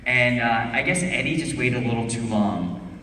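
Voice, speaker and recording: A man's voice: mid-range voice, expressive, normal speed, pushed and bright, recorded from a distance, slight background noise. Laid-back young man in an echoey hall. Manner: laid-back, rambling, drowsy, laughs often. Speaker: actor on a convention panel. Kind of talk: casual panel Q&A storytelling. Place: large convention hall.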